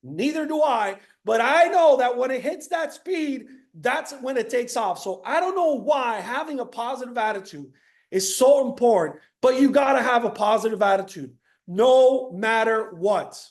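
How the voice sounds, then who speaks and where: Man from Miami, motivational speaker, high-pitched, high-energy, repeats phrases, asks the audience questions. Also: lively intonation, normal speed.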